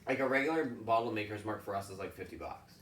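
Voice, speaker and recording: A man's voice: lowish voice, quick pace, fairly bright tone, roomy sound, distant mic. A man co-hosting a whisky tasting, talking casually and jokingly with lots of filler words. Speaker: whisky reviewer, co-host.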